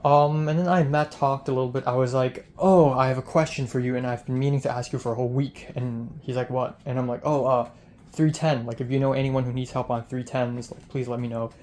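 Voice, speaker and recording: A young man of middling pitch tells his day in a loose vlog diary, rambling through it with a steady stream of "like" and acted-out snippets of what people said. He is a film student talking straight to the camera, with a faint hiss underneath. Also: a little fast. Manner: rambling storytelling full of "like" and retold dialogue.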